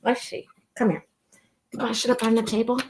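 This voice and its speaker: A woman hosting a live crochet-along in casual chat, animated and talking to her dog as she works. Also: a little high, a little fast, a little hiss or hum, low-quality recording.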